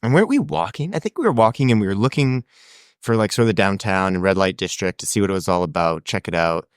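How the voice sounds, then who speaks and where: A young man co-hosting a podcast, telling a travel story in a casual, animated way and acting out the voices of people in it. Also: deep voice, fast, clear, resonant tone, no echo, studio quality. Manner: animated storyteller, acts out quoted voices, laughs often. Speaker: podcast co-host.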